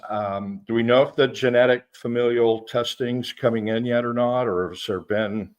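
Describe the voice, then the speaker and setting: A man appearing as a guest on a live stream, speaking casually and hesitantly with many pauses. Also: mid-range voice, fairly even intonation. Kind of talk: casual chat.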